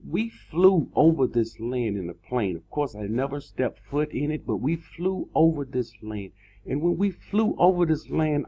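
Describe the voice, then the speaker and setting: Husky preacher guy, kinda high voice, repeats himself, slows way down to hammer points, muffled lo-fi audio. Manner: emphatic, repeats words, slows down to stress points. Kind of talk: sermon in an online video.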